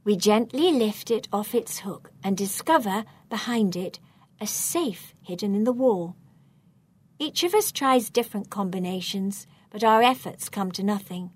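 A woman narrating a first-person mystery story aloud, with an expressive, suspenseful reading. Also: mid-range voice, unhurried, breathy edge.

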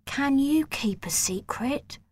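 A young schoolboy in a storybook, voiced by a woman who pushes her pitch well up for him. He sounds small and earnest. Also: lively intonation, slow pace. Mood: whispering. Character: young schoolboy, anxious then relieved.

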